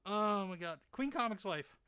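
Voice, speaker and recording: Bright, crisp-voiced man streaming from home. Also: sits high, dry recording. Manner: teasing, bantering with his wife between chat messages. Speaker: streamer reading live chat. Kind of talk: casual live-stream chat. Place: home, at the gaming setup. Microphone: desk mic left live.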